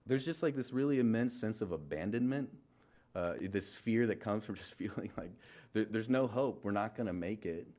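Casual young male pastor, low-ish voice, informal sermon with lots of fillers and self-corrections. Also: animated, normal speed, darkish tone. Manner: informal, filler-heavy, many restarts and trailing asides.

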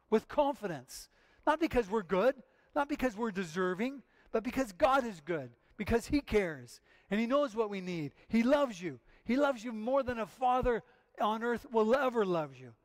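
Male pastor, higher-pitched voice, earnest emphatic sermon delivery with repeated phrases. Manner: earnest, emphatic preaching with repetitions.

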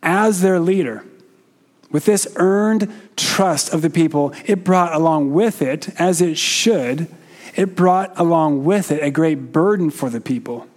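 Speaking in an unhurried, deliberate manner, the man preaches with many pauses and now and then asks the congregation something. He has a fairly high pitch.

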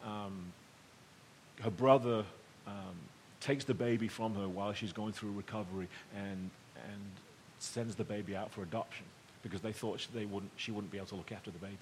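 A middle-aged man preaching a storytelling sermon in a conversational way, swinging between loud emphasis and hushed tones. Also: lowish voice, fairly even intonation, normal speed, a little hiss or hum. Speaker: pastor.

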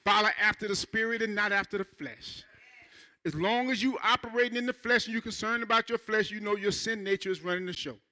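Male pastor, high voice, very bright tone; lively sermon delivery with playful asides. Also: a little fast. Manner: animated preaching with playful asides and acted quotes. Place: church.

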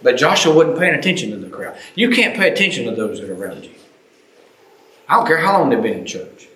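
A man preaching a fervent sermon, swinging between loud and soft and repeating his phrases. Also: mid-range voice, sing-song, fast talker. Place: church sanctuary. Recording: roomy echo.

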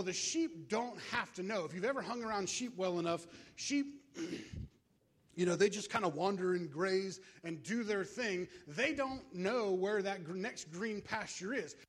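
A man preaching a sermon, animated and joking, out of breath as he moves about with props. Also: high voice. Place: church.

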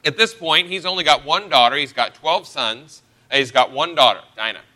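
Bright-voiced man preaching a sermon. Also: a little high, moderate pace. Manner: expository preaching, verse-by-verse Bible teaching.

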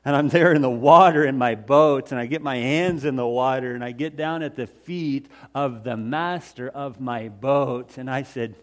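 A man preaching as he retells a gospel story in the first person, moving from excited calling out to hushed, slow confession. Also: mid-range voice.

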